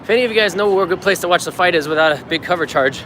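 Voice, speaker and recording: Easygoing male vlogger from the US narrating a walking tour on a phone, city noise clear behind. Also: high voice, rapid-fire, a bit bright. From United States. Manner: chatty, easygoing, laughs often. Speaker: vlogger and circus performer. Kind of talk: live-stream walking tour. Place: outdoors on a city street. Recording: outdoor street noise.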